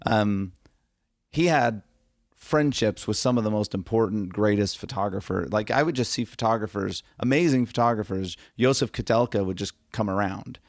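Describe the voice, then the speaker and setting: A man's voice: lowish voice, normal speed, no echo, studio quality. A man talking as a guest photographer in a casual podcast conversation, emphatic and acting out the reactions he quotes.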